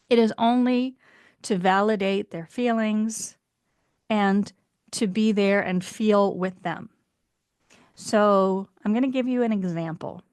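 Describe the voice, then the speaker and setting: A woman relationship coach, calmly explaining advice for couples and acting out short example exchanges. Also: medium pitch, no room sound, clean studio sound. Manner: calm, explanatory, acts out example dialogue.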